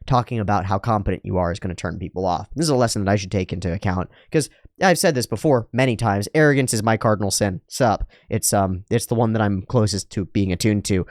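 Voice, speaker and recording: A man's voice: lowish voice, fast talker, dry recording, clean studio sound. A man reacting to an anime episode in casual, profane commentary, often acting out the characters' lines in mocking voices.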